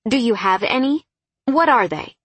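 A woman voicing a composed young woman who speaks in a measured, restrained way. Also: on the high side, animated, fairly bright tone, breathy edge, dry recording, pitched above the performer's own voice.

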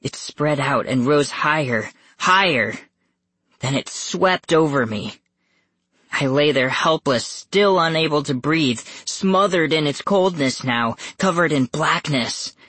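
An audiobook narrator reading a first-person spooky story slowly and suspensefully. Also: mid-range voice, animated, fairly bright tone, breathy edge, dry recording. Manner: slow, measured and suspenseful, rising tense at scary moments. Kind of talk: first-person scripted horror narration for young readers.

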